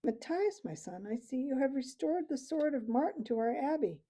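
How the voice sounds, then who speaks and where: A woman reading the part of a dying old male abbot mouse, speaking slowly and tenderly. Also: sits high, expressive, dark tone, voice pushed up. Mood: gentle, fatherly. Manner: slow, tender, fatherly.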